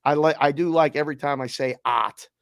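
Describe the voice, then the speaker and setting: A man's voice: a little high, steady tone, quick pace, no room sound, studio quality. A man co-hosting a casual sports betting show, trading laid-back jokes and picks. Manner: laid-back, joking banter.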